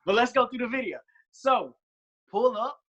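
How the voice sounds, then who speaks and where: Bright-voiced young man telling stories. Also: very high voice, moderate pace, lo-fi sound. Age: 20s. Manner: animated storyteller, acts out his own quotes. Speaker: guest. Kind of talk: casual interview chat.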